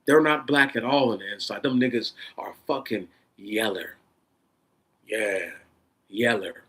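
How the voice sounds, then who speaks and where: A man in an unscripted, profane rant, swinging between loud bursts and a held-down, controlled tone. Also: on the low side, a little slow. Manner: says he is holding his voice down in a controlled tone. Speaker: vlogger.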